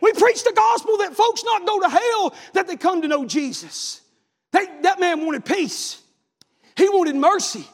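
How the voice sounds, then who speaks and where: A middle-aged man, preaching a revival sermon in a church, shouting his stories fervently. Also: very high voice, animated, a little slow, long reverb tail.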